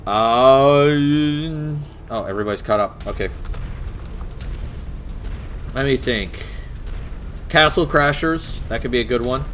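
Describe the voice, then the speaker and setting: A man's voice: medium pitch, takes it slowly, pauses often, a bit bright, a little hiss or hum. A man co-hosting a casual chat about tabletop games, rambling, swearing casually and laughing often. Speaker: podcast co-host.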